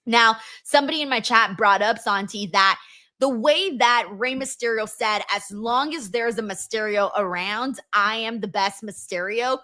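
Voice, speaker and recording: A woman's voice: mid-range voice, bright, forceful tone. A woman hosting a casual live stream, reading viewer comments aloud and reacting with emotional, swearing chatter. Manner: emotional, swears, reads chat messages aloud.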